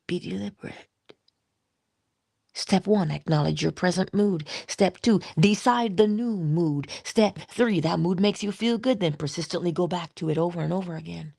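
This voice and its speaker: A woman's voice: fairly low pitch, normal speed, gravelly, hardly any pauses, darkish tone, no echo, studio quality. A woman giving casual inspirational talk, chatty and playful, laughing often and sometimes dropping to a whisper. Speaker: inspirational speaker.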